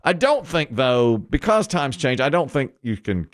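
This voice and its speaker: A male morning radio host tells stories with his pitch swinging widely, opinionated and quick to laugh. He is close on a dry studio mic. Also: no echo. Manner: animated storyteller, opinionated, laughs often. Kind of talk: casual radio chat.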